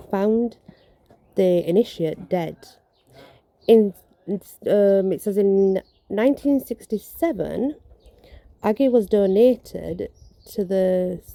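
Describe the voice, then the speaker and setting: A woman with a very bright, sharp voice reads ghost stories aloud outdoors. She trips over words, corrects herself and adds casual asides between the tales. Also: mid-range voice, gravelly. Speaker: vlogger reading ghost stories.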